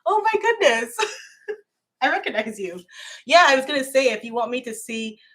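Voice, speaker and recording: Streaming from home with the camera placed at a distance, a young YouTuber from Barbados talks in a fairly high, sharp voice at a fairly quick pace. She speaks with a Barbadian accent, gushing warmly and laughing a lot in a casual chat.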